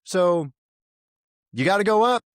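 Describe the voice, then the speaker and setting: A man's voice: high voice, lively intonation, measured pace, clean tone, no room sound, clean studio sound. A male podcast host in casual chat who laughs easily and swears casually.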